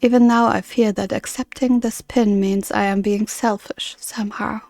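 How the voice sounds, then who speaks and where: A woman reading aloud the lines of an earnest, formal woman guardian from a game, in a measured, soft-spoken way. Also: mid-range voice, steady tone, dry recording, studio quality, close to an everyday voice.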